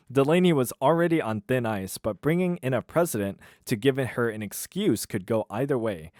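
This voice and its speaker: A man's voice: mid-range voice, animated, normal speed, darkish tone, dry recording. A man in a small, dry room reads a book aloud and keeps breaking off with wry, disbelieving asides. His voice sits in the middle range, close to the mic. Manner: incredulous, wry commentary. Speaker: YouTuber reading a book aloud. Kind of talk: comic read-aloud with asides.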